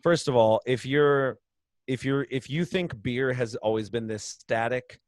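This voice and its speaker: A man's voice: mid-range voice, unhurried, no room sound. A man, a brewery co-founder and podcast guest, explaining at length in a chatty way and laughing often, heard over a video call. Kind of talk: casual podcast interview.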